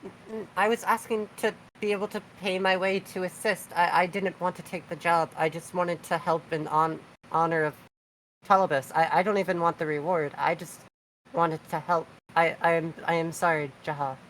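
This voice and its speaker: A woman's voice: lowish voice, fairly even intonation, moderate pace, slight background noise, close to an everyday voice, poor audio. A woman playing a stammering young adventurer. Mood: pleading. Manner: stammering, pleading. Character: young female adventurer, timid and apologetic.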